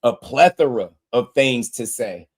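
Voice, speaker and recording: A medium-pitched man with an animated but slightly slow delivery runs a live boxing stream. Laughing frequently, he taunts chat viewers by name and trash-talks them.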